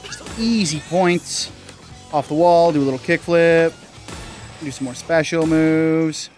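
A young man with a slightly high voice talks through his gameplay in a loose, chatty way. He jumps into high yelps and mild swearing when a move fails. Faint game music plays behind him. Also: slow pace. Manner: excitable, bursts into high yelps and laughs at mistakes. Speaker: gaming channel host. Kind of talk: casual gameplay commentary.

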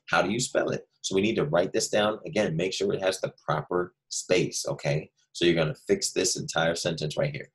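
Deep husky teacher talking to first graders. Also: male voice. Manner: upbeat, talks slowly to young children, reads sentences aloud with lively stress. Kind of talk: recorded remote homework lesson with screen share.

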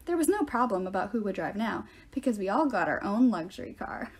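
A woman reading a novel aloud in steady first-person storytelling. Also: medium pitch, fairly quick, slightly rough. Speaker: reader.

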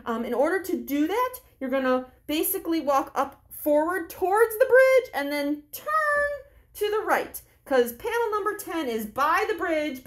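A woman guides children along an outdoor park trail on a story walk. Her voice sits high and swings widely. She is playful, acts out sounds, and talks straight to the kids as she walks. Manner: acts out sounds and character lines. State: walking outdoors while talking.

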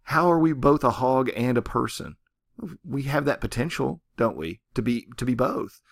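A man's voice: mid-range voice, lively intonation, moderate pace, gravelly, no echo, clean studio sound. A man teaching a short story in a conversational lecture, often checking in with listeners. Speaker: literature teacher.

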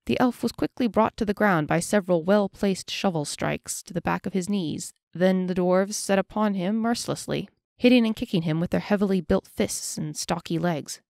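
A woman narrating a fantasy audiobook in a steady, measured way. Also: on the low side, creaky, no echo, studio quality.

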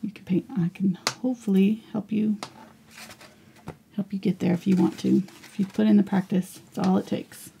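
Gravelly woman teaching painting live. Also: medium pitch, little pitch movement, moderate pace, a little hiss or hum. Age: 40s. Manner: chatty, drifts into soft whispers while painting. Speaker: art teacher.

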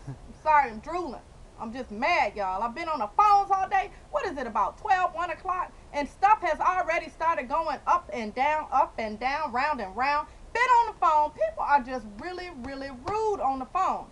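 Bright, high-voiced woman, outdoor comic vlog rant, faint noise behind. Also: normal speed, poor audio. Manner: excitable, loud outbursts and dramatic repetition. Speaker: vlogger. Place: outdoors by a car. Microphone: handheld camera.

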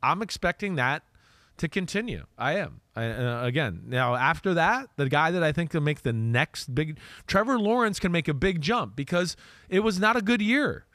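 A man's voice: fairly high pitch, sing-song, normal speed, fairly bright tone, no echo. A middle-aged man with a New Jersey accent, co-hosting a casual football podcast and often repeating words as he starts a thought. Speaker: podcast co-host, football analyst. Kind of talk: casual sports talk.

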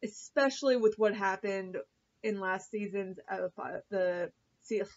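A woman's voice: medium pitch, a little slow, highs cut off. A woman vlogger reviewing a TV episode in a chatty, gushing way, full of fillers and swearing. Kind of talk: casual chat.

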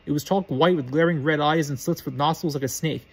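Reader, man, fast husky storybook reading, trips over words. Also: a little high. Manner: fast, with frequent stumbles and restarts.

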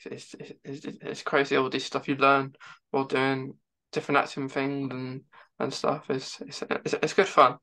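Stammering host, bright voice. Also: male voice, medium pitch, completely flat delivery, normal speed. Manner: stammering restarts, repeats words. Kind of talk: casual interview chat.

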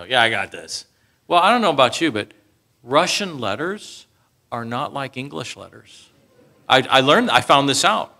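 Bright-voiced man preaching a lively sermon. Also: a little high. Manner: animated, acts out quoted voices, asks the audience questions. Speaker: Bible teacher.

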